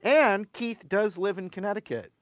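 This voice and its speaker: A man's voice: sits high, moderate pace, dry recording. A man teaching guitar in a casual live stream, chatting and reading viewer comments aloud between playing. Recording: slightly dull sound with guitar playing.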